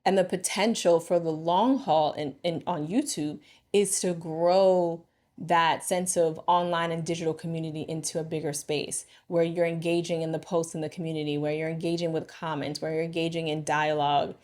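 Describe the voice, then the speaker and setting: A woman vlogger and marriage coach talking casually and reflectively to camera, expressive and thinking aloud. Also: deep voice, moderate pace.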